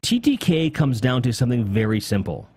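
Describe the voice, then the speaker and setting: A man hosting a casual gaming podcast, talking excitedly in long rambling runs with casual swearing. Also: mid-range voice, fairly quick, a little hiss or hum. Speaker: podcast host.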